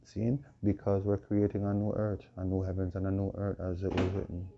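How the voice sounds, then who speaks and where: A man with a hoarse voice, preaching a proclaiming monologue full of repeated rhetorical questions. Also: sits low, monotone, fairly quick. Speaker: self-styled preacher. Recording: dull lo-fi recording with faint noise.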